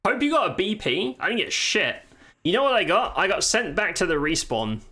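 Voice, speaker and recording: A game streamer with a high, very animated voice speaks briskly in a pushed, bright tone. He chats with his audience during live play, cursing and exclaiming, while faint game music runs underneath.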